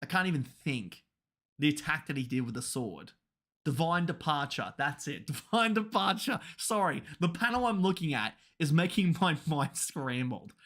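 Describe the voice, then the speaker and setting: A woman giving live reaction commentary, excitable and swearing, stammering through restarts as her voice goes hoarse. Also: low-pitched, moderate pace. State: voice going hoarse. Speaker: manga reaction streamer.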